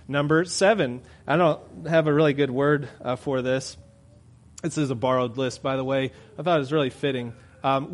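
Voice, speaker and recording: A man's voice: fairly high pitch, moderate pace. A man preaching a conversational sermon, with frequent fillers and restarts.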